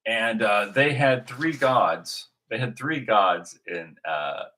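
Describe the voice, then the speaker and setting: A man with a fairly low voice and a bright, forceful edge. He talks through his ideas off the cuff, circling back and restarting phrases as he works them out. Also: slow, rough recording. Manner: rambling, thinking aloud with frequent restarts. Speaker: video host. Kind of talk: unscripted spoken reflection.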